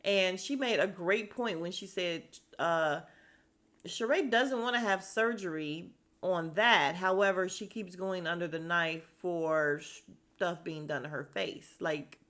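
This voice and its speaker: A woman hosting a casual podcast, chatting and retelling scenes with lively voiced quotes. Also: unhurried. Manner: animated storytelling, acts out quotes with pitch jumps. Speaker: podcast host recapping a reality show. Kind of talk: casual chat. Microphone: podcast mic.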